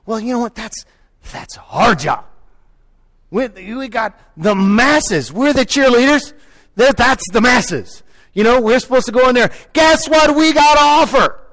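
A male pastor preaching a sermon in a conversational way, often restarting and saying "you know", swinging from loud cheering bursts to quiet reflective stretches. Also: sits high.

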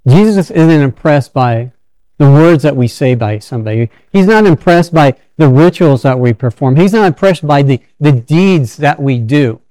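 Smooth-voiced man preaching a sermon. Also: a little high, lively intonation, normal speed, mellow, no room sound. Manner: conversational storytelling with frequent restarts.

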